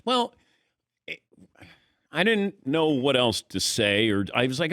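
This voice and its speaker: Lively male talk radio host. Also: on the high side, normal speed, dry recording, studio quality. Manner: animated storyteller, acts out dialogue. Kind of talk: casual talk radio chat. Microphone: studio microphone.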